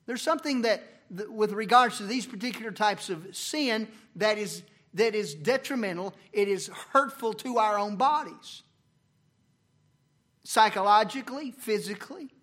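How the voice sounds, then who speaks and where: A man preaching a sermon in a church, swinging from loud emphasis down to near-murmurs. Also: high voice, moderate pace.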